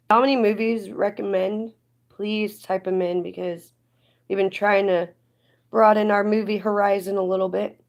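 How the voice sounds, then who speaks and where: A woman talking on her live stream in a loose, rambling way. Her pitch sits in the middle and she drifts from story to complaint with plenty of fillers. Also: a little mellow. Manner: chatty, rambling, indignant at times. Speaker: livestreamer. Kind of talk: casual live stream chat.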